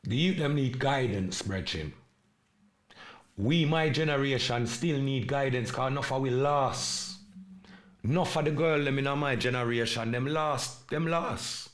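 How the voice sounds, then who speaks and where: A man hosting a live stream podcast, delivering an urgent, preachy monologue in street slang and shouting out viewers in the chat. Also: medium pitch, unhurried. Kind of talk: impassioned livestream monologue with chat shout-outs.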